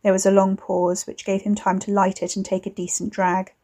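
Woman narrator, audiobook fiction, mellow, steady, measured. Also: mid-range voice. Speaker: author and reader.

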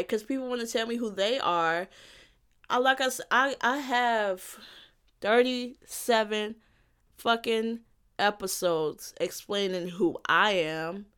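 A woman's voice: mid-range voice, slow pace, fairly bright tone, clean tone. A young woman hosting a solo podcast, ranting bluntly with profanity, repeating her points and laughing at herself. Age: young adult. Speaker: podcast host. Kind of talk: casual solo podcast rant.

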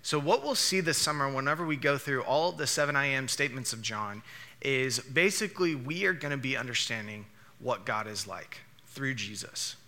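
Male pastor, emphatic sermon delivery, very bright tone, echoing hall. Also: medium pitch, lively intonation, brisk. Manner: emphatic, repeats key phrases for stress. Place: church hall. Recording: long hall reverb.

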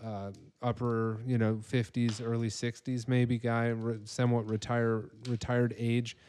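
A man's voice: medium pitch, level tone, a little slow, darkish tone, clear, resonant tone. A man hosting a casual podcast chat, rambling and full of fillers. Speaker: podcast host.

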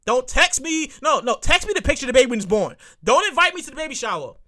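High, animated New woman ranting. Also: quick pace. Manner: animated, profane, repeats lines for emphasis. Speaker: podcast host. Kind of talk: solo comedic rant.

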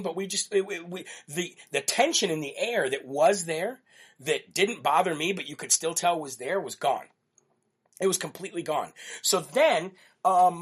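Animated male talk show host. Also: a little high, breathy edge. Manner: animated storytelling with repeated emphasis. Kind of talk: live-streamed monologue.

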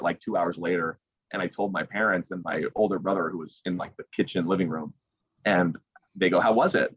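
A young man, a sports broadcaster, excitedly retelling a story as an interview guest over a video call, acting out quotes as he goes. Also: sits low, breathy edge, no room sound, muffled recording. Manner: animated, excited retelling with quick acted quotes.

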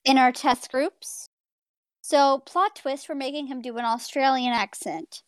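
High, smooth-voiced woman podcast co-host. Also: fairly even intonation, no room sound, studio quality. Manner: bubbly, quick to laugh and agree. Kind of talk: casual podcast chat.

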